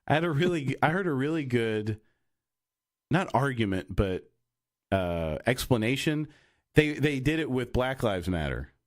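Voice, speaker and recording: With a mid-range, sing-song voice at normal speed, this young man co-hosts a podcast, rambling casually and filling his talk with fillers and false starts. The sound is dry and clean, studio-grade.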